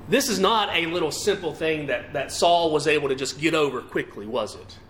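A man delivers a sermon, pressing his listeners with repeated questions. His voice sits a little high and swoops widely from phrase to phrase. A faint hum of ambient noise runs under the recording. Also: expressive, a little fast, fairly bright tone. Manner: asks the congregation questions, emphatic rising and falling delivery. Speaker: preacher.

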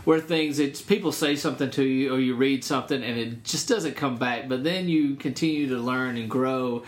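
A man's voice: mid-range voice, moderate pace. A man who served in the Marines, talking earnestly in a casual discussion about faith and telling stories with quoted asides. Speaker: guest, former Marine.

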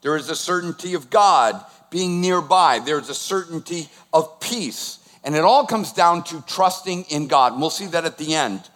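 A man preaching a sermon, animated, rising to bursts of emphasis. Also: a little high, normal speed, few pauses, soft background music. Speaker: pastor. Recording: long hall reverb.

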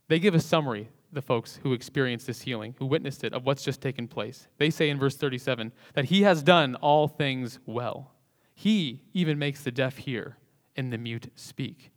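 A man's voice: medium pitch, moderate pace. Male preacher, mid-range voice, earnest sermon, long hall reverb. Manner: earnest, rises and falls in emphasis, occasional light laughs. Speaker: pastor.

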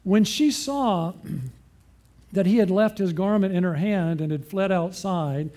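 A man's voice: high voice, slow pace, warm tone. A man preaching a sermon, often putting questions to his listeners and answering them himself.

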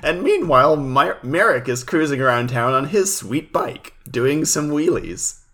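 A man's voice: fairly high pitch, lively intonation, unhurried, fairly bright tone. A man co-hosting a podcast, recapping an episode in laid-back, filler-heavy chat. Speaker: podcast co-host.

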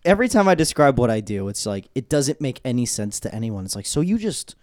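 A man who works in radio, chatting in a lively, jokey way and dropping into mock voices. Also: medium pitch, fast talker, no room sound, studio quality. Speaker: radio host, podcast co-host. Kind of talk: casual chat.

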